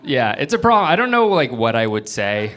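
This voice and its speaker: Young male stand-up, lively swooping delivery, live club set. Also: fairly quick. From Florida. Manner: animated, jumps into high-pitched bits when acting out people. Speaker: stand-up comedian. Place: comedy club stage before a live audience. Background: audience laughter.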